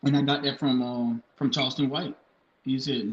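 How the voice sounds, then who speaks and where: A young adult man, chatting casually on a podcast in an animated way and slipping into high acted bits. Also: normal speed. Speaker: podcast co-host. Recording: echoey room, dull lo-fi sound.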